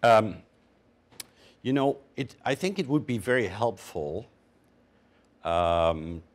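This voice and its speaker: A man speaking as a panelist, measured and emphatic, pausing with fillers. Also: fairly low pitch, animated. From Canada. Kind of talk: panel discussion.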